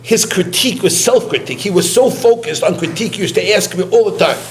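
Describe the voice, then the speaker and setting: A man giving a eulogy through personal stories, halting and repeating words, with Yiddish and Hebrew terms mixed into his English. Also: high-pitched, lively intonation, slight background noise. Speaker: eulogist, former student. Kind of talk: eulogy told as personal anecdotes.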